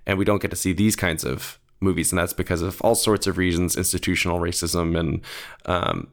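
A man's voice: deep voice, level tone, a little fast, creaky. A young man co-hosting a film podcast, talking casually in a rambling way full of "like" and "um". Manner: rambling, full of "like" and "um", laughs easily. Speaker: podcast co-host.

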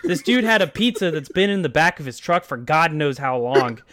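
A man's voice: fairly high pitch, lively intonation, normal speed, a bit bright, no echo, clean studio sound. A young man co-hosting a podcast, telling a rowdy, profane story in casual chat. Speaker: podcast co-host.

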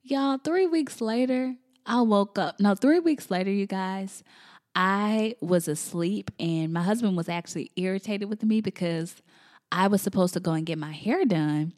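A woman's voice: medium pitch, measured pace, darkish tone. A woman in her thirties, a podcast host and business coach, telling a personal story in a chatty, emotional way and often calling her listeners y'all.

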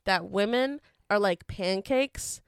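A woman's voice: mid-range voice, takes it slowly, smooth, no room sound, clean studio sound. A woman co-hosting a casual podcast, chatty and full of filler words. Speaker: podcast co-host. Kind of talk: casual chat.

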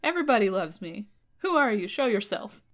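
A woman's voice: medium pitch, normal speed, natural voice. A conceited young king, read out by a woman, indignant and sure that everybody loves him. The delivery is a playful comic reading. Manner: indignant, self-regarding. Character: vain arrogant young king, man. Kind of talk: comedic storytelling reading.

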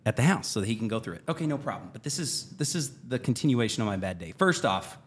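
Lively middle-aged man telling a story. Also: medium pitch, fast, a little hiss or hum. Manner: animated, laughing, acts out quoted lines. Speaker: podcast co-host. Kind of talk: casual storytelling chat.

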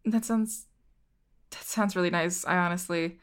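A woman voicing a grieving young woman who speaks softly and emotionally. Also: lowish voice, fairly even intonation, unhurried, clean tone, natural voice. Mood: wistful. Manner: emotional, soft.

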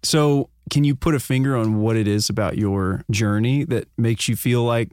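A man's voice: medium pitch, fairly even intonation, normal speed, a little mellow, clean tone, dry recording. Eager male podcast co-host, mid-range voice, rambling enthusiastic questions. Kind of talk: casual podcast interview.

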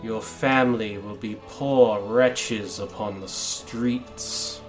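A man voicing a cold, imperious fey king who speaks in slow, grave pronouncements. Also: on the low side, steady tone, over music. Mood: menacing.

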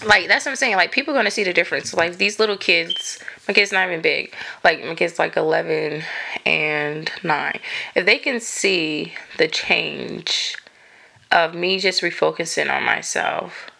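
Gravelly low-voiced woman podcast host. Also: unhurried, bright, forceful tone. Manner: chatty, many "like" fillers, encouraging. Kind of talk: casual motivational monologue.

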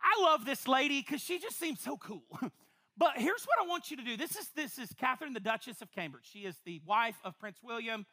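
A woman pastor with a high, bright voice preaches a sermon to a church congregation. Her delivery is animated and playful, sprinkled with quick asides and laughter.

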